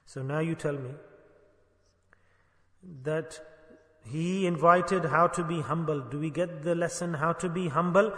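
Male preacher, high bright voice, storytelling sermon that swells to emphatic cries, long hall reverb. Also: measured pace, pauses often. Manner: storytelling, rising to emphatic exclamations. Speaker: Islamic preacher.

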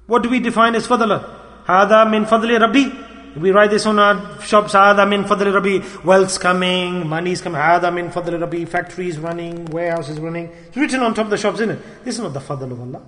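A man delivering an impassioned sermon in a high, bright voice. He swings from loud calls to the listeners down to hushed asides. The sound rings out with the long reverb of an echoey hall. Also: steady tone, a little fast. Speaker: preacher.

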